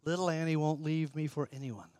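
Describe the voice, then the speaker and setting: A man reading the lines of a talkative, soft-hearted old grandmother in a story, with his voice slightly raised. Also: on the high side, a little fast, dry recording, close to an everyday voice. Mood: fond.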